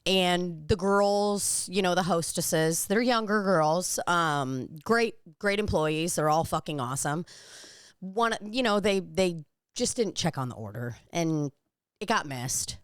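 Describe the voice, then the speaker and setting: A woman's voice: on the low side, expressive, takes it slowly, clear, resonant tone, no echo, studio quality. Swearing woman telling a long story. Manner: rambling storyteller, swears freely. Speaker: podcast co-host. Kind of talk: casual chat.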